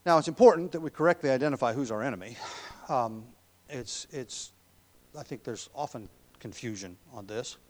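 A man preaching an expository sermon as a pastor, emphatic on key words, with frequent ums and throat clearing. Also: medium pitch, normal speed.

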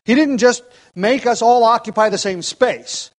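A man preaching an expository sermon, halting with repeated words and fillers, growing more emphatic as he goes. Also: extremely high pitch. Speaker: pastor.

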